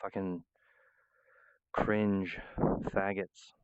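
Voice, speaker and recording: Rambling, profane male vlogger, low smooth voice, dry lo-fi recording. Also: little pitch movement, very slow, no room sound. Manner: rambling, profane, restarts mid-phrase. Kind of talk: rambling monologue.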